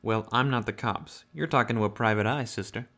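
A middle-aged man voicing a world-weary male duck private eye who narrates a noir game in a dry, deadpan, wisecracking way. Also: mid-range voice, a little fast, close to an everyday voice.

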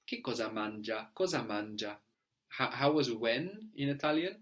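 A man's voice: mid-range voice, expressive, moderate pace. Patient male language teacher. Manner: patient, prompting, spells words letter by letter; often ends with a checking "no?". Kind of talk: guided language lesson.

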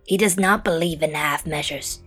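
A male narrator voicing a fierce, blunt gorgon queen with a husky voice and curt delivery. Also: fairly high pitch, moderate pace, soft background music. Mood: scornful. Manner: curt and forceful.

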